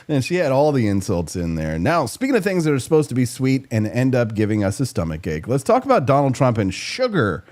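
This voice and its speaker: A man's voice: medium pitch, very animated, a little fast, few pauses, a little mellow. A man hosting a political talk show, delivering a sarcastic, jokey monologue. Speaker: radio show host.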